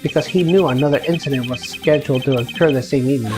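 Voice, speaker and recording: A woman voicing a composed male prosecutor in a game voice-over, formal, measured and cutting. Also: rumbling low. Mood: stern. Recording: game music behind voice.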